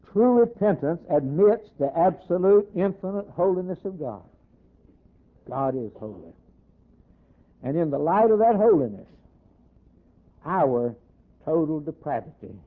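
A man preaching a sermon and quoting scripture in old-fashioned wording. His voice swells loud, then drops to a near hush. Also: on the high side. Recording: tinny phone-like recording.

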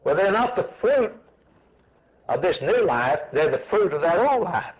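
A man's voice: high voice, very animated, a little slow, muffled recording. A man preaching a sermon with an emphatic, repetitive cadence, asking and then answering his own questions.

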